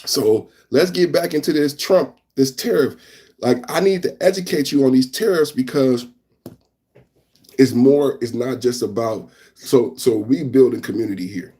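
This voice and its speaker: A man's voice: mid-range voice, normal speed, warm tone, husky. A man hosting a live news reaction podcast, rambling and talking straight to his chat, repeating phrases and tacking on "man.". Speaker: podcast host.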